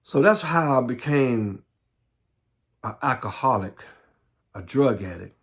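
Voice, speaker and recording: A man from the Southern United States telling his own life story, halting and earnest, often repeating words and close to tears. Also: mid-range voice, expressive. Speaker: vlogger.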